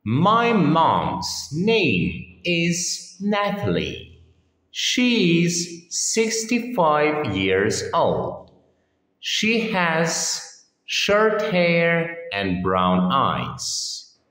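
Slow, sing-song male English teacher. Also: on the high side, huge pitch swings, fairly bright tone. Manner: reads each phrase on its own with pauses, often repeating it. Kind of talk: slow phrase-by-phrase lesson reading. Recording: echoey room with long reverb.

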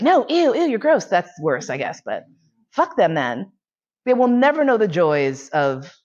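A woman lecturer with a lowish voice tells a frank, bawdy story with lots of energy and frequent laughter. The recording sounds a little dull and lo-fi.

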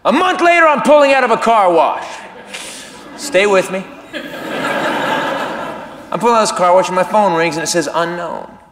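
A male stand-up comedian telling a story live on stage, animated and self-mocking, breaking into sudden shouts. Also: high-pitched, normal speed, pauses often, background noise. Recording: reverberant live hall recording.

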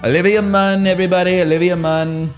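A man's voice: sits high, little pitch movement, fairly quick, soft background music, voice pushed up, close to an everyday voice. A bragging older showman politician, put on by a man for laughs on a stream. He announces and repeats names like a rally emcee. The voice sits raised and pushed well above his usual speech. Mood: boastful. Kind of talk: comedic impression on a stream.

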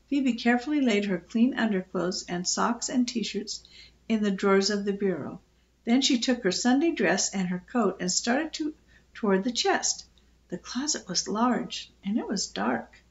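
Expressive older woman reading a storybook. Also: mid-range voice, a little slow, dull audio. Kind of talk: reading a children's book aloud.

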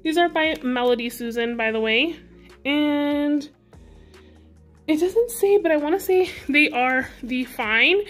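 Young female beauty vlogger, high voice, chatty and giggly, casual haul talk to camera. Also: measured pace, soft background music. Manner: chatty, giggly, talks to viewers directly. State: out of breath. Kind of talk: casual product haul chat.

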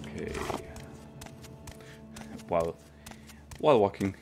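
A deep-voiced man talks through his gameplay, thinking aloud and catching his own slips. His voice is low and gravelly with a lively, swinging pitch, and game music plays behind him. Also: measured pace, long pauses. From Germany. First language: German. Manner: thinking aloud, self-correcting. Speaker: let's play streamer. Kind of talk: casual gameplay commentary.

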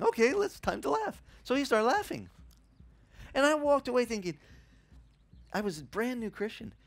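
Male pastor, middle-aged, lively storytelling preacher with a slightly high voice. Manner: animated storytelling that acts out dialogue. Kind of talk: sermon.

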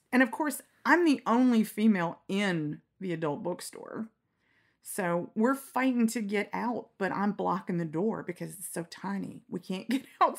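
A middle-aged woman telling candid stories in a relaxed interview, frank and quick to laugh, acting out the lines she quotes. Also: on the low side, vocal fry. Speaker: storyteller guest. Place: lying down in a quiet room.

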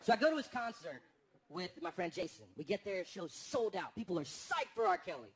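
High-voiced animated stand-up comic. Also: male voice, a little fast, slightly rough. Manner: animated, acts out voices of friends. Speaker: stand-up comedian. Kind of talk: stand-up comedy. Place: large theater with a live audience. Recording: live stage recording with a crowd. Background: audience laughter.

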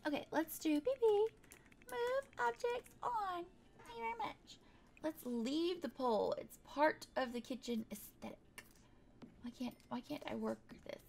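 High chatty woman narrating her game. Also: lively intonation, measured pace, creaky, darkish tone, a little hiss or hum. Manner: chatty, thinking aloud with playful sound words. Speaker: gaming video creator. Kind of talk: casual gameplay commentary.

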